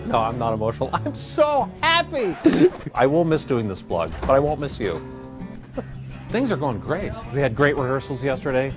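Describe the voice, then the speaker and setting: A man giving a playful backstage video blog tour of an awards show venue, pointing things out as he walks. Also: mid-range voice. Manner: playful, jokey, pointing things out while walking. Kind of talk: casual walk-through tour. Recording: music playing behind the voice. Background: guitar music.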